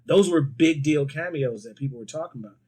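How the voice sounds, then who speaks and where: Animated swearing man telling stories. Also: on the high side, a little fast, slightly rough. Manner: animated storyteller, swears freely, acts out quoted voices. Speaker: podcast co-host. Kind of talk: casual chat.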